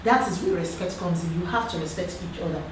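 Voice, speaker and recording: A woman in her thirties with a Nigerian accent, chatting earnestly as a guest and giving advice in a lively, storytelling way. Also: on the low side, fast. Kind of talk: casual chat. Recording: roomy echo, far from the mic, background noise.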